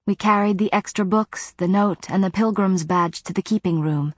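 A woman narrating a first-person novel in a measured, even reading voice, on a close studio mic. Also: mid-range voice, breathy edge, no room sound. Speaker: audiobook narrator.

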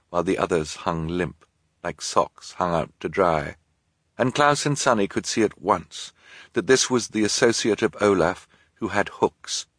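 Guy reading a storybook, low husky voice, dry measured delivery, dead dry studio sound. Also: fairly bright tone, no room sound. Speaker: audiobook narrator. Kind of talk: scripted storybook narration.

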